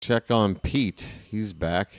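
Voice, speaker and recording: A man's voice: fairly low pitch, takes it slowly, dry recording. A man calling a baseball game live as a fan play-by-play host, rooting openly for his team in a chatty way. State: hiccups.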